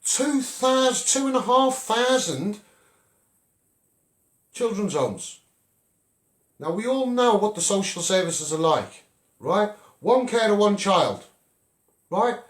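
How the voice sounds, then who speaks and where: A man's voice: high-pitched, very animated, slow pace, long pauses, roomy sound. A middle-aged man with a Scouse accent, a children's rights campaigner giving a punchy monologue and asking "right?" again and again. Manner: punchy, repeats "right?" for emphasis.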